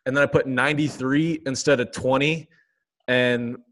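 A man's voice: mid-range voice, fairly even intonation, moderate pace, fairly bright tone. Man in his twenties, dry teasing chat. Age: 20s. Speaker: podcast co-host. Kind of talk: casual chat.

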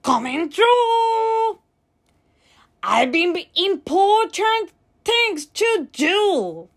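Woman doing a bossy dump truck, storybook read-aloud, impatient, blustering, high and lively. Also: slow pace, exaggerated voice. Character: big bossy male dump truck in a hurry. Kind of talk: picture book read-aloud for preschoolers.

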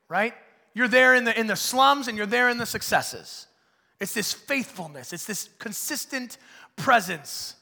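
A high-voiced man with a gravelly edge preaches in a church, bright and forceful in his delivery. He swings from loud bursts to hushed asides. His voice rings with a long hall reverb. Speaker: pastor. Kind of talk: conversational sermon.

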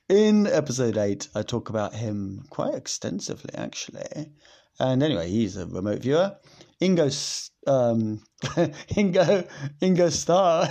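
A man talks alone into the mic for his podcast, loose and chatty, joking at his own stumbles. His voice is low in tone, gravelly with fry, and his delivery is rambling and self-mocking. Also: warm tone. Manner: rambling, jokey and self-mocking, with many fillers. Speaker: podcast host. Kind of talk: casual solo podcast monologue.

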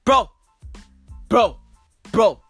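A woman tears through a crude comedic rant at a slow, drawn-out pace, her pitch swinging widely as she keeps circling back to the same complaints. Her voice is husky, and she breaks into loud, exasperated shouts. The sound is dry and close, with faint music behind her. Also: expressive, no room sound. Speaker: comedic ranter.

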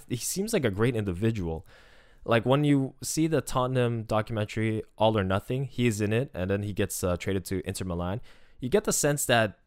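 A man's voice: medium pitch, no room sound, clean studio sound. A young man talking casually and emotionally about football, rambling with many restarts. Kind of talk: casual spoken commentary.

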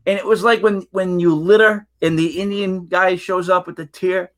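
High-voiced man telling stories. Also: normal speed. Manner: animated storyteller, acts out quotes. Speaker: podcast co-host. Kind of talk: casual sports chat.

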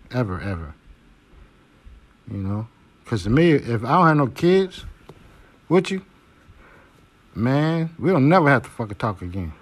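A man hosting a podcast, giving blunt, preachy advice with heavy cursing. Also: mid-range voice. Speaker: podcast host. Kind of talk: profane monologue.

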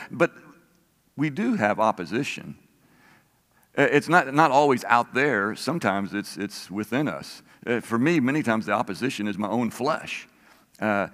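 A man's voice: medium pitch, a bit bright. A man preaching a sermon as pastor, conversational and given to repeating words for emphasis. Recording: long hall reverb.

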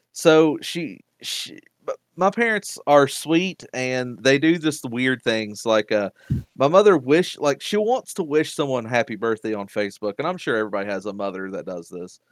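A man co-hosting a podcast in casual chat, animated and laughing often as he tells stories. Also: medium pitch, normal speed, no echo. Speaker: podcast co-host.

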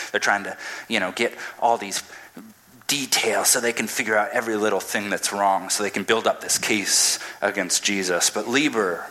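A man's voice: lowish voice, expressive, normal speed, pushed and bright, low-quality recording. A man giving a casual, humorous sermon, retelling a scripture story dramatically.

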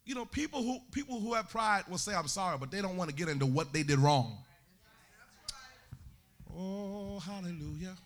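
High, lively preaching man. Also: normal speed, long pauses. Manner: animated preaching with sung and shouted climaxes. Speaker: pastor. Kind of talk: sermon.

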